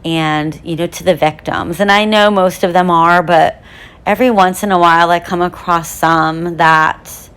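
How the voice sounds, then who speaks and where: A woman's voice: fairly low pitch, steady tone, a little slow, fairly bright tone, clear, resonant tone. A young woman hosting a true crime podcast who talks in a chatty, bubbly way with lots of fillers. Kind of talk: casual podcast monologue.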